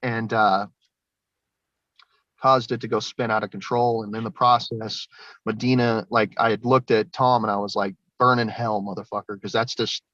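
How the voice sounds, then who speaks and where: A man's voice: on the low side, level tone, normal speed, a bit bright, dry recording. A man telling his story in casual, rambling speech, swearing often and laughing between lines. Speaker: guest. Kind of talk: casual spoken testimony. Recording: dull lo-fi sound, dry.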